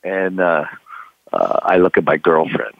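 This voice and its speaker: An older man's low voice, very animated yet measured in pace and touched with vocal fry, rambles through a lengthy personal tale. Full of "you know" fillers, he performs the quoted voices of his characters. The phone line sounds tinny, dry, with no echo.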